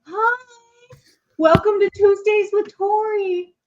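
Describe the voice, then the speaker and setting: A woman putting on a high, babyish voice for her pet dog as it welcomes viewers to a livestream show. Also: steady tone, slow, muffled recording. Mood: cutesy.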